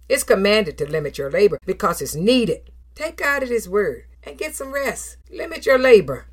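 A middle-aged woman preaches a sermon with a lively voice that swings up and down in pitch. She keeps the delivery expressive and animated, dropping in affirming hums and laughter. Her pitch sits in a middle range for a woman.

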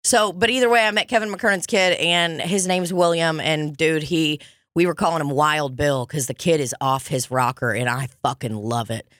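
A woman's voice: low-pitched, fairly even intonation, normal speed, a bit bright, no echo, studio quality. A woman co-hosting a casual comedy podcast, laughing often, swearing and acting out quotes. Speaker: podcast co-host.

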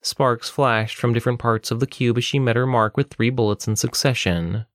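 A man reading an adventure story aloud in a steady, measured way. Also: medium pitch, dry recording, clean studio sound. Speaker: narrator.

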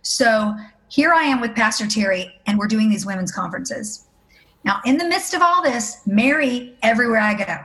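A woman's voice: fairly high pitch, animated, normal speed, a bit bright. A middle-aged woman giving a personal testimony as an interview guest, telling her story earnestly and acting out the voices of the people in it.

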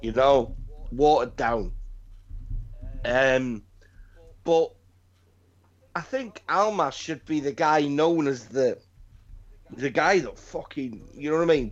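A man hosts a casual wrestling chat on his podcast, rambling, swearing a lot, and repeating himself. His medium-pitched voice is expressive but slow, with long pauses, and the recording sounds dull and lo-fi.

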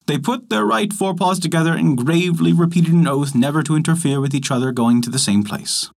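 A man narrating a folk tale in a measured, expressive storytelling manner, as host of a story podcast. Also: fairly high pitch, vocal fry. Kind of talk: scripted narration.

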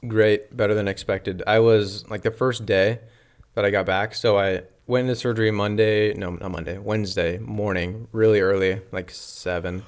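A young man co-hosting a podcast, telling a story in an animated way and laughing often in casual chat. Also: fairly low pitch, moderate pace, smooth. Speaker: podcast co-host.

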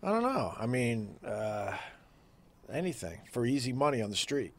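A man's voice: medium pitch, very animated, moderate pace. A man co-hosting a podcast, reacting and chatting casually. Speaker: podcast co-host. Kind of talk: casual chat.

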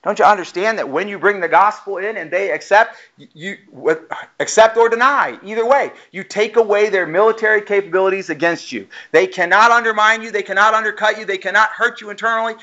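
Male pastor, higher voice, forceful sermon delivery, muffled recording. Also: brisk. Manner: emphatic, acts out quoted voices while preaching. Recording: muffled lo-fi sound.

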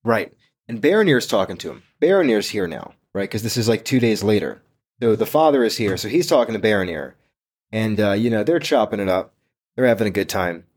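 A man's voice: fairly low pitch, lively intonation, brisk, darkish tone, husky. A man retelling a story in casual chat. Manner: loose retelling full of "you know" fillers. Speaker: podcast co-host. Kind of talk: casual book-club chat.

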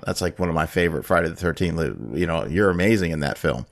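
A man with a lowish voice hosts a casual podcast. He tells a long story with lots of restarts and fillers. When he acts out other people's lines, his pitch jumps sharply upward. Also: fast, creaky. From United States. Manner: animated storyteller who raises his pitch for quoted people. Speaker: podcast host.

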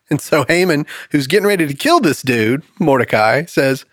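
A man hosting a casual Bible study podcast, telling stories with animated voices for the characters. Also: fairly high pitch, normal speed, dry recording, clean studio sound. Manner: animated storytelling, acts out characters. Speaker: podcast host.

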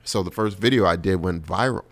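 Animated New comedian, low voice. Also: male voice, fairly quick. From New York. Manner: animated storyteller, swears freely, acts out quotes. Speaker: comedian guest. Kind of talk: casual podcast chat.

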